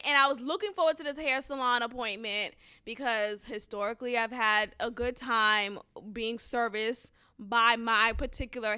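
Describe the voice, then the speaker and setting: A young woman rants into a close mic on her podcast, animated and profane, often jumping into loud, heated bursts. Her voice sits high and sounds very bright and crisp, recorded dry with no room sound. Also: no room sound. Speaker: podcast host. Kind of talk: casual ranting monologue. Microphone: close studio mic.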